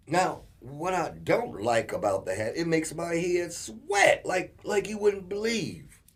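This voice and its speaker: A man co-hosting a casual relationship talk show, telling animated stories and acting out quotes. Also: a little high, slow. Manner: animated storyteller, acts out quotes. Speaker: co-host.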